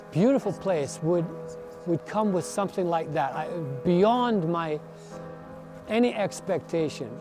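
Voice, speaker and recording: A man in his sixties telling his story in an earnest, reflective way, slowing down to stress his words. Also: high voice. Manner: earnest, slow, emphatic. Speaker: adventurer recounting a long walk.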